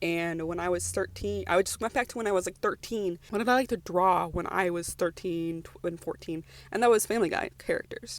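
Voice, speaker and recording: A woman's voice: lowish voice, gravelly. A young American woman recording a personal voice-over, rambling and emotional, with many restarts and filler words. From United States. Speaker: vlogger.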